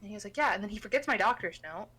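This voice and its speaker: A woman's voice: mid-range voice, rapid-fire. Young woman, podcast co-host, chatty storyteller who curses a lot. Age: young adult. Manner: animated, swears a lot, acts out quoted people. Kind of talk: casual storytelling chat.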